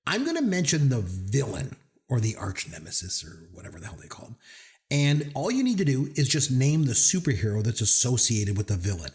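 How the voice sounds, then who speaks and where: A man co-hosts a laid-back podcast, quizzing his partner with a teasing, self-deprecating humor. His voice swings widely in pitch as he jokes around, sitting at a middling register for a man. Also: brisk. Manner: joking, animated, self-deprecating. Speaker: podcast co-host and trivia quizmaster. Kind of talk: casual podcast chat.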